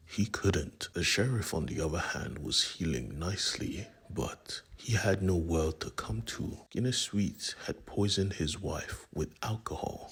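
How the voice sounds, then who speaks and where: A man's voice: low-pitched, husky. A man casually retelling a comic story, conversational, with asides to the listener. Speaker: comic recap narrator.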